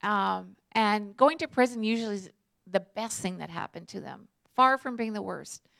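A woman's voice: medium pitch, moderate pace, vocal fry, fairly bright tone, dry recording. A woman, a prison chaplain telling a faith story in a conversational way, full of fillers and asides.

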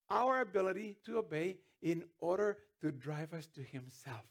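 A man's voice: high-pitched, lively intonation, brisk, gravelly, hardly any pauses. A man preaching a sermon as pastor, earnest, with restarts and sudden emphatic rises.

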